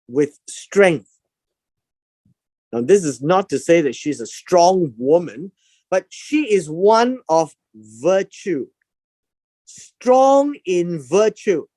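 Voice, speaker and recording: Slow, lively-voiced Bible teacher. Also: medium pitch, dry recording. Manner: repeats key words for emphasis, explains word meanings.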